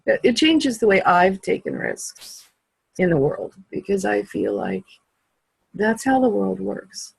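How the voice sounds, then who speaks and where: A woman telling a heartfelt personal story in a halting way with long pauses, tearful, over a video call. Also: medium pitch, wildly swooping pitch, vocal fry, breathy edge, dry recording, low-quality recording.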